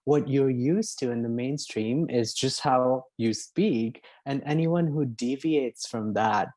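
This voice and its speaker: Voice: mid-range voice, slow pace, warm tone, no echo. A panelist from Pakistan, speaking reflectively in a panel discussion.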